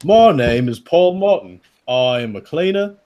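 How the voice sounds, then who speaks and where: A man's voice: fairly high pitch, animated, a little slow, warm tone, slight background noise. A man voicing a middle-aged male cleaner and stern, doting uncle with a put-on English accent, talking in a lecturing, mock-sentimental way.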